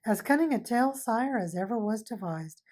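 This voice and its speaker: A woman's voice: a little high, moderate pace. A woman doing a chatty, gossipy dwarf man. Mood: eager, confiding. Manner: lively, confiding storyteller.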